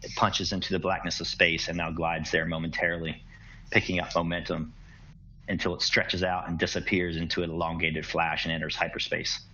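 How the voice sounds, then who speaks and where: A man running a tabletop role-playing game, narrating the scene and explaining the plot with a relaxed, filler-heavy manner. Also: low-pitched, a little fast, dull audio. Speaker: game master.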